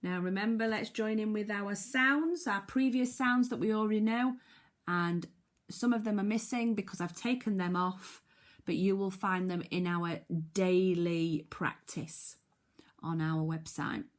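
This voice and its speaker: A woman teaching a recorded phonics lesson to young children, slowly and clearly sounding out letters, counting down and praising. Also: medium pitch, steady tone.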